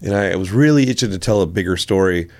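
A man's voice: deep voice, lively intonation, fast, darkish tone, dry recording. A man talking as a podcast guest, a comic book writer and filmmaker telling his story in an enthusiastic, rambling way. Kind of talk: casual podcast interview.

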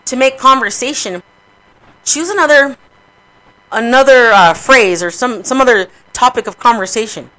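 A woman's voice: fairly high pitch, normal speed, pushed and bright, rough recording. A woman hosting a casual radio show, talking candidly and profanely about grief and family. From New Mexico, USA.

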